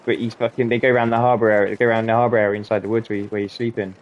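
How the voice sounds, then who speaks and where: A man's voice: lowish voice, little pitch movement, racing, highs cut off, a little hiss or hum. A man telling army stories in a rambling, sweary way, often chuckling. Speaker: podcast host and army veteran. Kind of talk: casual storytelling.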